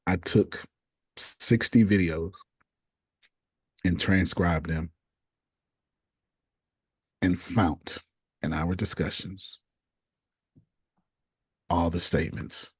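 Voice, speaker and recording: A man coaching a group, reading out negative self-talk statements one after another in a deliberate, casual way. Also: deep voice, steady tone, slightly rough, dry recording, clean studio sound.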